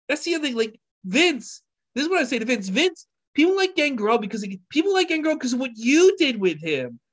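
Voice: sits high, a bit bright. A podcast co-host ranting in casual chat about wrestling, full of fillers. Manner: ranting, trailing off, many fillers like "like".

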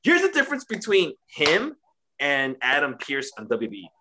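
A man co-hosting a casual wrestling chat, profane and mocking, recapping a show and doing quick impressions. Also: fairly high pitch, huge pitch swings, noisy background. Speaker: wrestling podcast co-host.

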